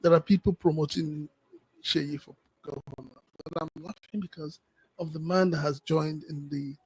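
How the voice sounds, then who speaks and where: A man speaking as a panelist on a political talk show, animated and firing off rhetorical questions. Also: fairly high pitch, moderate pace, slight background noise.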